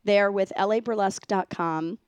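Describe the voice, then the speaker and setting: A woman's voice: medium pitch, normal speed, clean tone, no room sound. A woman hosting a podcast in casual interview chat, bubbly and gushing, often laughing. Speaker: podcast host.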